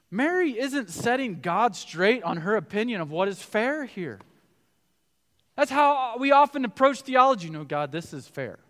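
Male pastor, high bright voice, animated sermon delivery, long hall reverb. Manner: animated, acts out quoted voices with big swings in loudness.

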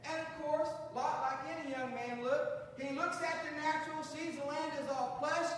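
A man preaching in a high voice tells the story in a folksy way and acts out each quote. He is heard in a large hall with a long echo. A faint hiss sits underneath. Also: fairly even intonation, normal speed, hardly any pauses, a bit bright. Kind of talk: sermon. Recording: echoey hall with long reverb and faint noise.

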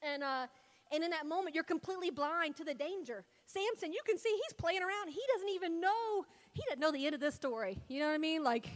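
A woman's voice: sits high, lively intonation, fairly quick. A young woman gives a casual Bible talk. She talks in a loose, chatty storytelling way, full of fillers. Her voice trails off into a long reverb, as in a large hall. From Louisiana.

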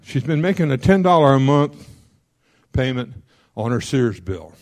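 A man leads a class on paying down debt in a folksy, joking way. His voice is mellow and dark, and he keeps checking in with the room. He rattles off strings of figures quickly. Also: mid-range voice, animated. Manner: folksy, checks in often with the audience. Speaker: financial counselor teaching a class. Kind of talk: classroom lecture on debt repayment.

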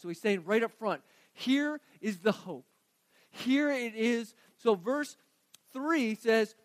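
A man with a strikingly high voice delivers a sermon, moving between hushed scripture reading and emphatic, rising appeals. The sound is close and dry, with no room around it. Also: measured pace, dry recording. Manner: earnest preaching, swings from quiet reading to emphatic rising delivery. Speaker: pastor.

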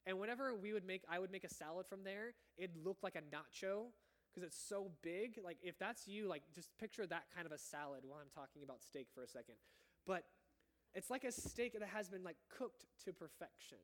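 A man's voice: high voice, expressive, a little fast. A young man preaching a sermon to his church in a casual, chatty way, often correcting himself. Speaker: pastor.

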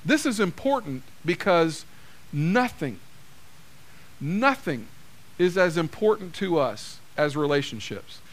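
This pastor's voice is slightly high, and he speaks slowly with wide swings in pitch. He preaches directly and conversationally, voicing the quoted dialogue people exchange.

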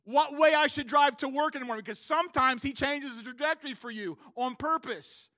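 A man's voice: very high-pitched, a little fast, pushed and bright, dry recording, studio quality. A man preaching a sermon to his congregation in a casual, slangy way, often asking them to agree with him. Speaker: pastor. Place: church room with a congregation.

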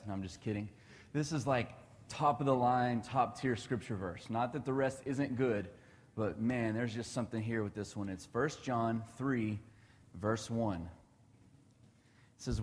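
A man's voice: mid-range voice, normal speed, big-room sound. A man in his thirties giving a casual devotional talk, chatty and laughing often.

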